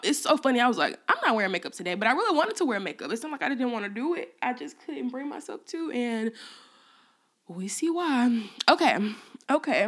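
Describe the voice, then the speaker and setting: A woman's voice: a little high, sing-song, brisk, fairly bright tone. A young woman hosting a faith podcast, talking in a rambling, heartfelt way with many fillers, close to tears at times. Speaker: podcast host. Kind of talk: personal faith podcast talk.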